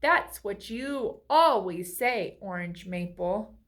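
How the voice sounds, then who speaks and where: A woman's voice: medium pitch, lively intonation, slow pace, a bit bright. Woman doing a chatty maple leaf. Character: sleepy then brisk female maple leaf.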